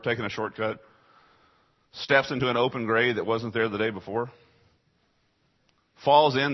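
Husky male pastor, dramatic sermon delivery, muffled low-fi sound, mid pitch. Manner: dramatic swings between quiet asides and raised emphatic lines.

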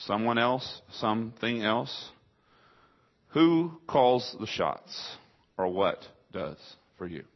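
Male pastor, mid-pitched, conversational sermon delivery, lo-fi recording. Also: big pitch swings, slow pace. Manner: conversational preaching, rhetorical questions, voices listeners' objections.

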